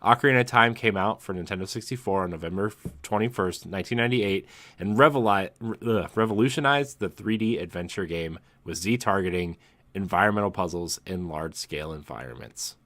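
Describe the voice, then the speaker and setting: Guy hosting a game podcast, lowish voice, reads headlines out, super dry close mic. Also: brisk, a bit bright, no echo. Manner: steers the talk, reads news items aloud. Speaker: podcast host. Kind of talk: casual podcast chat and headline reading.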